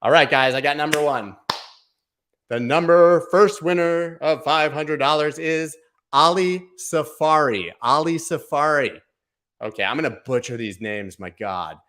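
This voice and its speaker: A man hosting a casual livestream giveaway, chatty and playful, now and then slipping into a booming sports-announcer voice. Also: a little slow, fairly bright tone. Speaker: livestream host.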